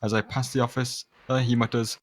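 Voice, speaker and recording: A man's voice: medium pitch, flat delivery, fairly quick, no room sound. A young man reading a fanfic aloud to friends in a sarcastic, overacted way, now and then tripping over words. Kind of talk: mocking dramatic read-aloud.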